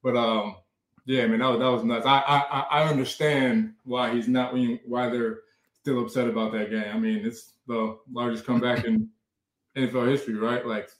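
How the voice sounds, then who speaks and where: A man's voice: medium pitch, flat delivery, normal speed. Easygoing guest man in an echoey room. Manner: easygoing, repeats phrases. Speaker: guest football player. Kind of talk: casual interview answers.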